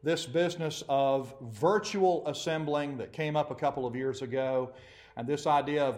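A man preaches to a church congregation, lively and emphatic. His voice sits a little higher than most men's, and he breaks into acted-out quotes with sudden force. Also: moderate pace. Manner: animated, acts out quoted voices. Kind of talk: sermon. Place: church assembly.

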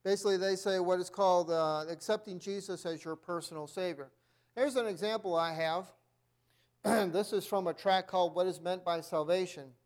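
A man teaching a church Bible lesson, clearing his throat often and reading from his notes. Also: sits high, moderate pace. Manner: frequent throat clearing, reads aloud from notes.

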